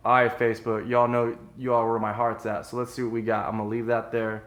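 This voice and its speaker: A man's voice: medium pitch, flat delivery, fast talker, a bit bright. An upbeat, chatty man, hosting a casual live stream from his home kitchen. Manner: upbeat, chatty, says "y'all" a lot. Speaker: livestream host. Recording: roomy echo.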